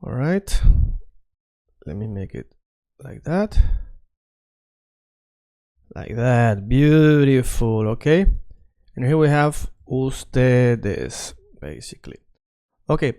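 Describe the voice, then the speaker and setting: A man's voice: medium pitch, lively intonation, slow pace, long pauses, mellow. A man teaching a casual online lesson, chatty and prone to repeating himself while he works on screen. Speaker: Spanish teacher.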